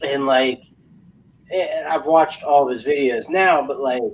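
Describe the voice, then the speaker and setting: A man's voice: mid-range voice, measured pace, distant mic, slight background noise, poor audio. A man in casual chat, talking loosely and packing his lines with fillers. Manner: loose, filler-heavy talk.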